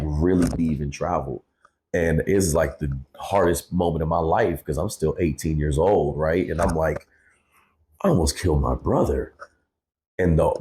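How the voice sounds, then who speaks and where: Deep-voiced man telling a raw story. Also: darkish tone, a little hiss or hum. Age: 30s. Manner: candid, cursing freely, says "bro" often. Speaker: guest, hip-hop artist. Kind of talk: emotional personal storytelling.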